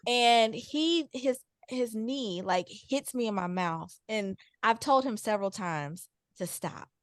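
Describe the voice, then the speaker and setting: Animated candid young mom chatting. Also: female voice, on the high side, slow, dry recording, clean studio sound. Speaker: podcast guest, mother of a young son. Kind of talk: casual chat.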